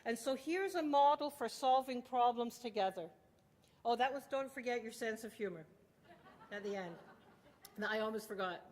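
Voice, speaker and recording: A woman's voice: a little high, animated, moderate pace, long pauses, darkish tone. A middle-aged woman gives an intense, emphatic talk to parents in a lecture hall. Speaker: child development speaker. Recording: long hall reverb.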